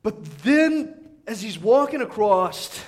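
A man preaching a sermon, retelling a story in animated fashion, full of fillers and repeats, swinging between shouts and hushed asides. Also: high voice, slow pace. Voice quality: filler-heavy, repetitive.

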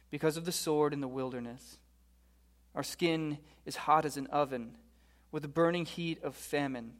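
A male pastor preaching a sermon, with a fairly high voice. He reads scripture and then tells a lively, joking story. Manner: animated, humorous storytelling.

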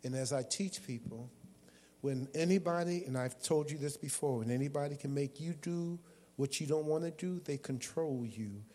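A man preaching a sermon as a guest preacher, calling out to the congregation and shouting at times. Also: a little high, normal speed. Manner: call-and-response preaching with bursts of shouting. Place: church sanctuary. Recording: long hall reverb.

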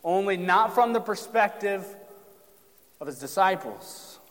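A man's voice: sits high, expressive, measured pace, fairly bright tone, long reverb tail. A pastor preaching a sermon, addressing his congregation directly and building emphasis as he reads from Scripture.

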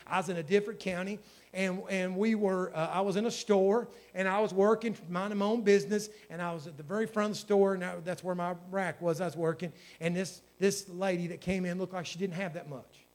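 A man's voice: high-pitched, fairly even intonation, a little fast, a little mellow. A man, a pastor preaching a sermon in a folksy storytelling way that builds to fervent exhortation.

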